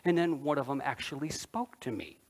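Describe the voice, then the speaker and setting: A man's voice: medium pitch, lively intonation, a little fast, natural voice. A man preaching a dramatic first-person monologue, voicing Mary of Magdalene, a woman disciple who tells her story straight to the listeners and asks them questions. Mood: awestruck.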